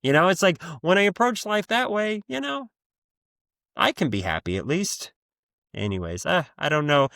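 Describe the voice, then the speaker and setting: A man's voice: high voice, very animated, normal speed, creaky, fairly bright tone, no room sound, studio quality. A man hosting his own podcast in a casual, rambling monologue, blunt and freely profane. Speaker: podcast host.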